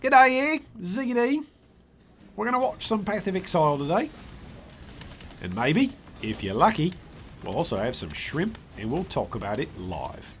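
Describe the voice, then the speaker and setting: A man's voice: high-pitched, very animated, normal speed, a little hiss or hum, voice pushed up. A man putting on a chirpy Australian streamer guy. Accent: put-on Australian. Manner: exaggerated, singsong, loud. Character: cheery male Australian streamer, over-the-top.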